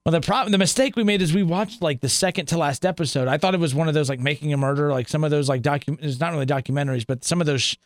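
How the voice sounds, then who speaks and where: A young man talks quickly on a podcast, piling one story on the next and acting out what others said. His voice sits a little high. The sound is dry and close. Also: no echo. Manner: rapid rambling storytelling, acts out quotes. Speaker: guest, radio station sales staff. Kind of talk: casual podcast chat.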